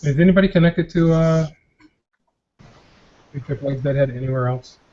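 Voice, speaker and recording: A man's voice: on the high side, moderate pace, warm tone, highs cut off, slight background noise. A man hosting a casual group video chat, rambling and laughing, often repeating his words. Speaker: host of a motovlogger hangout.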